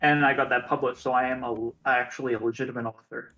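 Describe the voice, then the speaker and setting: A man's voice: medium pitch, little pitch movement, fast talker, pushed and bright. A young man co-hosting a casual gaming stream, matter-of-fact with dry quips. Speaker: stream co-host. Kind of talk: casual gaming livestream chat.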